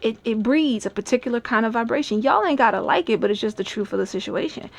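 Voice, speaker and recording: Giving a channeled tarot love reading to camera, a woman chats and muses, laughing often and acting out people's thoughts. Her voice is on the high side, expressive and creaky, and she talks quickly.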